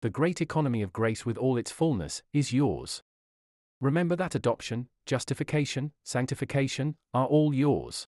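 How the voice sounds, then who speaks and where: A man preaches in an earnest, rhetorical, old-fashioned way, his pitch rising and falling with feeling. The sound is close and dry, with no room echo at all. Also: lively intonation, moderate pace, a little mellow. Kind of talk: sermon reading.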